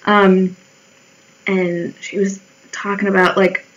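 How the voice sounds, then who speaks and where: Heard through a muffled recording, this woman's mid-range voice stays flat and slow. She is a vlogger in her twenties who tells offhand, wry stories while drawing, swearing without restraint and playing out her own lines in quoted voices.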